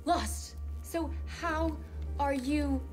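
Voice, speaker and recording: A woman's voice: high-pitched, steady tone, drawn-out words, a little mellow, faint music behind. An actress playing a desperate armed woman who pleads breathlessly and insistently. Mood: stunned.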